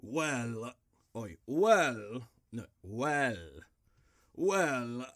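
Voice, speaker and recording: A man's voice: on the high side, lively intonation, measured pace, bright, forceful tone, no echo, clean studio sound. A man voice actor recording blooper outtakes, flustered and frustrated as he retakes his lines. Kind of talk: blooper outtakes, casual chat.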